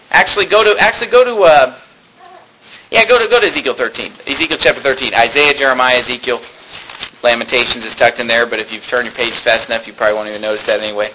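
Man, preacher, sermon, high voice, bright tone, slow emphatic scripture reading, quick low asides. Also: slight background noise, low-quality recording.

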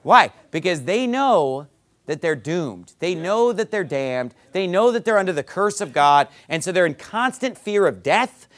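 High-voiced preaching man, emphatic. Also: big pitch swings. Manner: emphatic preaching, rising loud on key words; quick asides to the congregation. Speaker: pastor. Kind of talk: sermon. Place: church service.

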